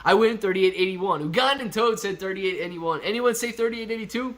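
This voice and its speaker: A man hosting a live stock-market stream, calling out prices rapidly and chatting with viewers in a casual, excited way. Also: high-pitched. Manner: excited, calls out prices like an auctioneer. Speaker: livestream host.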